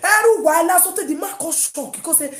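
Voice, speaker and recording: A woman with a Nigerian Pidgin accent hosting an online gossip show, mocking loudly and breaking into sung chants. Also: very high-pitched, fast, faint music behind. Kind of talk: animated gossip commentary. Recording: echoey room.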